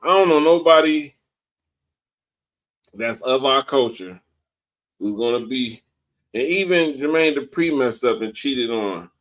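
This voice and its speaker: A man's voice: on the low side, a bit bright. A man hosting a casual live-streamed talk show, ranting bluntly and mockingly with plenty of profanity. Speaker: host. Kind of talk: casual podcast commentary. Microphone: video call or stream mic.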